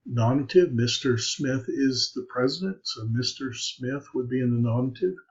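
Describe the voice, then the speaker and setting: Instructor, male, slow delivery full of fillers, dull lo-fi recording. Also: medium pitch, slightly rough. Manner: halting, many "uh" and "um" fillers. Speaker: Greek instructor. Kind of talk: recorded lecture over slides.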